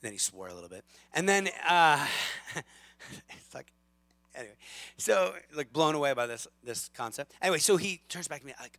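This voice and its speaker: A man in his thirties preaching a sermon as a lively, self-deprecating storyteller, with big swings in loudness. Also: on the high side, normal speed, no room sound. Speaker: pastor.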